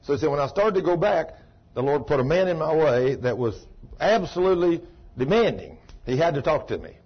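A man preaching a sermon, telling a long story. He swings from ecstatic shouts down to a low, chatty retelling. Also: lively intonation, fairly quick, slightly rough. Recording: dull lo-fi recording.

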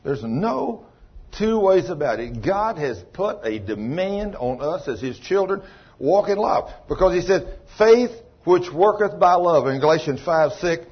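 A man preaching a sermon as pastor, telling a story and acting out the dialogue, swinging between loud and soft. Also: high-pitched, lively intonation, a little slow, husky, dull audio.

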